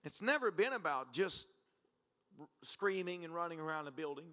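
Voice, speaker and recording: A man preaches to a congregation at a church service, an animated, laughing storyteller who acts out the conversations in his sermon. He speaks at normal speed with a fairly high pitch.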